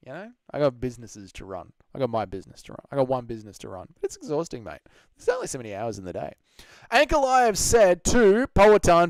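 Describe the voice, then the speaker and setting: Hosting a casual live Q&A, a young Australian man reads out the chat, cracking crude jokes, swearing heavily, and laughing often. His voice is fairly high, clear, and resonant, with no echo.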